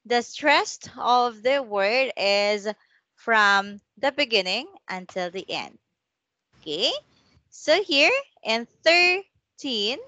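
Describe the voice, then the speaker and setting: A woman teaching a one-on-one online English lesson, speaking slowly and encouragingly and modelling words for the student to repeat over a video call. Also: medium pitch, bright, forceful tone, no echo, lo-fi sound.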